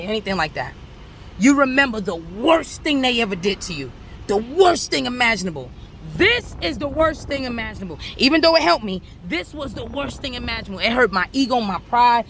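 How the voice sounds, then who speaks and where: A woman's voice: a little high, fairly bright tone, a little hiss or hum. A woman in recovery, talking casually and animatedly to her followers from a city street, rambling and addressing viewers directly. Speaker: vlogger in addiction recovery. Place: outdoors on a city street with traffic.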